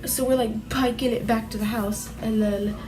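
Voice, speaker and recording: A woman's voice: fairly high pitch, steady tone, moderate pace, music in the background. A woman telling a story casually in a vlog, rambling and full of "like" fillers, restless as she talks. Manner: rambling, heavy use of "like" fillers; restless, fidgety while telling. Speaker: vlogger.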